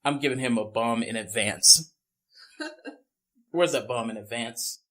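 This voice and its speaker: A man co-hosting a casual podcast, talking in an animated way, laughing often and slipping into goofy impressions. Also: mid-range voice, unhurried, heavy background noise. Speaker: podcast co-host.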